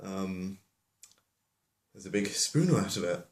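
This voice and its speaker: Bloke rambling thru a comic bedtime story, lowish voice, echoey room. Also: male voice, fairly even intonation, moderate pace. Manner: rambling, with offhand comic asides. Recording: roomy echo.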